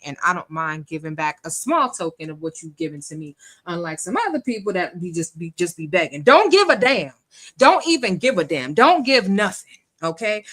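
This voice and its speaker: A woman's voice: fairly low pitch, a bit bright. A woman from New York City hosting a casual livestream, chatting and reading viewer comments aloud with frequent laughter. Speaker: livestream host.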